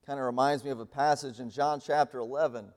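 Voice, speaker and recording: A man giving a sermon as a guest speaker, swinging between loud pleading and hushed, near-whispered lines. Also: mid-range voice, steady tone, fast talker. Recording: long hall reverb.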